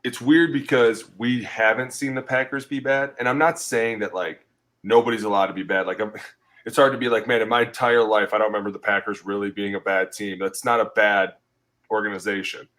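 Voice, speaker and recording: A man's voice: lowish voice, brisk. A man in his thirties co-hosting a sports podcast, ranting in casual talk and acting out what players say to each other. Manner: animated ranting, acting out quotes. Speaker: podcast co-host, former player.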